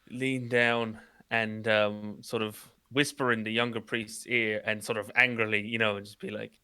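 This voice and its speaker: A man's voice: on the low side, bright, forceful tone, smooth. Hesitant Irish man playing a tabletop game. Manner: hesitant, thinking aloud. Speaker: player. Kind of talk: casual tabletop play.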